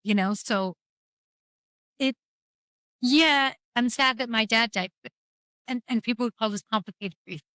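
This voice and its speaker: Unhurried and pausing often, a middle-aged woman with a slightly high, a bit bright voice speaks candidly about grief as a podcast guest, with no echo. She tells her story frankly and wryly, rambling and quoting back-and-forth exchanges.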